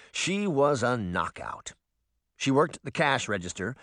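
A man reads a children's story aloud with an expressive delivery. His pitch moves about a great deal. The recording is dry and close. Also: no echo. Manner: expressive reading. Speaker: audiobook narrator. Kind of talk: scripted narration.

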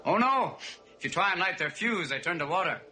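A man playing a zany male alien visitor to Earth in a 1970s sitcom, with rapid silly wordplay. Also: high voice, lively intonation, pushed and bright, soft background music, full character voice. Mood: cheeky.

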